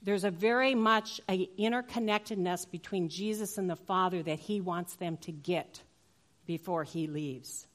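A woman's voice: lowish voice, normal speed. A woman pastor preaching a sermon in a church, emphatic and playful, turning to the congregation with asides. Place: church sanctuary.

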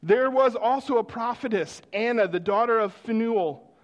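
A male pastor preaching a sermon in a conversational storytelling way, dropping to hushed exclamations of wonder. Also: extremely high pitch, normal speed, lo-fi sound.

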